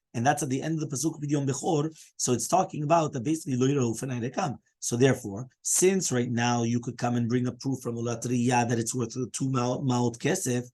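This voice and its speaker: Husky man teaching an animated Talmud class. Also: mid-range voice. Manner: animated, switching between Hebrew-Aramaic terms and English, asking "okay?" and "right?".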